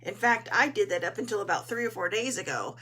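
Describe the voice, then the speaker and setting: A woman hosts a relaxed live talk with a husky, hoarse voice. She chats in an encouraging way, and her pitch sits in an ordinary middle range. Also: quick pace. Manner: chatty, encouraging, greets live viewers. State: hoarse, clearing her throat. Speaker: host. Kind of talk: casual live-stream talk.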